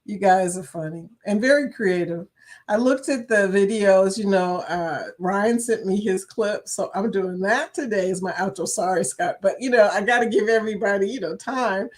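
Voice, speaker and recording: A woman's voice: medium pitch, normal speed. A woman hosting a casual live-stream chat, talking to viewers by name and laughing often. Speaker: livestream chat host.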